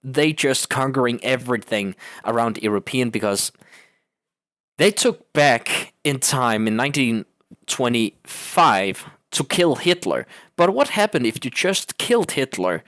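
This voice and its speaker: A man's voice: medium pitch, lively intonation, unhurried, a bit bright, no room sound, studio quality. A young man with a Danish accent rambles through casual gaming commentary, laughing often and swearing freely. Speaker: gaming channel host.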